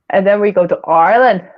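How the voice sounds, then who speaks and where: A woman's voice: medium pitch, phone-quality sound. A woman hosting a casual livestream chat, rambling and giggling often as she talks. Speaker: host.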